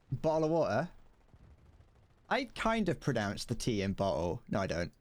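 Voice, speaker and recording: A man's voice: medium pitch, huge pitch swings, a little slow, a little mellow. A man with a British accent chatting casually while streaming a game, rambling, restarting his sentences and chuckling often. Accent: British English.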